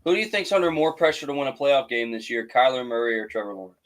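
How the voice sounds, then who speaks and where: A man's voice: mid-range voice, fast, poor audio. A man co-hosting a sports podcast, blunt and profane, ranting emphatically in casual chat. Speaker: podcast co-host.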